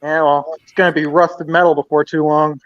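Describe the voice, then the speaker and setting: Brief: male host, high voice, methodical and casual, dull dry lo-fi garage-stream audio. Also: little pitch movement, brisk, no room sound. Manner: methodical, steadily lists parts. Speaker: host showing his small-engine collection. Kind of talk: casual live-stream chat. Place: home garage.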